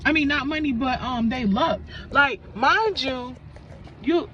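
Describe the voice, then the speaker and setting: A woman's voice: sits high, slow pace, sharp tone. A woman ranting animatedly to camera in a casual storytime vlog, swearing freely as she talks. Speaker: vlogger. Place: indoors, filming herself. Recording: slightly dull lo-fi audio with clear background noise.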